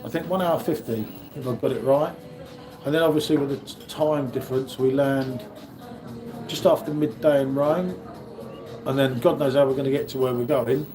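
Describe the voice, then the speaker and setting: A British beer vlogger live-streams from an airport café on a phone he holds himself, chatting casually and joking as he reads viewer comments aloud. His medium-pitched voice moves at normal speed, with soft background music and loud crowd noise around him.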